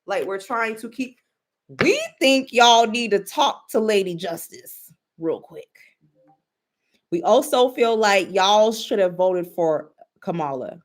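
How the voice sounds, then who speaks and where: A woman talking straight to her audience in an unhurried, drawn-out way. Her pitch sits in a middle range. She speaks bluntly and profanely, and she rambles and restarts her sentences as she goes. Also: animated. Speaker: commentator. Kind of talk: casual commentary.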